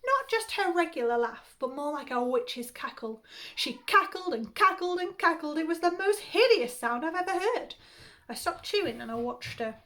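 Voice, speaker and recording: A woman, a primary school teacher, reading a funny children's story aloud with animated, playful timing. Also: very high voice, normal speed.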